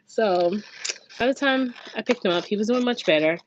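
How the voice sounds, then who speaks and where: Woman, 30s, animated casual storytelling, swears freely, mimics others' voices, dull lo-fi audio. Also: moderate pace. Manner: acts out quoted voices in raised pitch. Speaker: budgeting vlogger, mother. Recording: dull lo-fi sound with faint noise.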